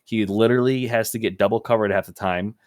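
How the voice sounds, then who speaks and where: A man's voice: fairly low pitch, fairly even intonation, quick pace, darkish tone, no echo, studio quality. A young man co-hosting a casual podcast, talking up his fantasy team in a boastful, profane, rambling way. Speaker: podcast co-host. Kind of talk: casual fantasy football banter.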